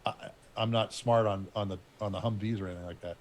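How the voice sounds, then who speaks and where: A man in middle age tells a war story at an easy, conversational pace. His voice sits a little low. He wanders through the details and stops now and then to search for names. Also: fairly even intonation. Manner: rambling, conversational, pauses to recall names. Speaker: retired Air Force officer telling a war story. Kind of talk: casual storytelling.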